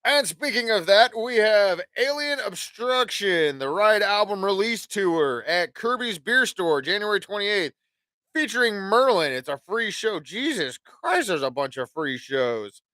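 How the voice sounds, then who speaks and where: A man's voice: high voice, expressive, a little slow, bright, forceful tone, no echo. A man hosting a casual podcast livestream, rambling and swearing freely as he acts out conversations. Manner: profane, rambling, acts out dialogue. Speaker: podcast host.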